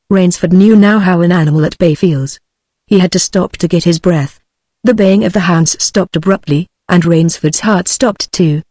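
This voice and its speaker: A woman's voice: fairly low pitch, no echo. A text-to-speech woman's voice with a British accent narrating an audiobook, reading evenly. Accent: British English. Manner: even synthetic reading. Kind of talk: scripted narration. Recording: dry close text-to-speech.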